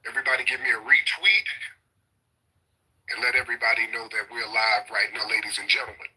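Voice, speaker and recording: Hoarse, raspy male livestream host. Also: medium pitch, a little fast, bright, forceful tone, poor audio. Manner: loose, hype, slangy. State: hoarse from a cold. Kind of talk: casual livestream chat.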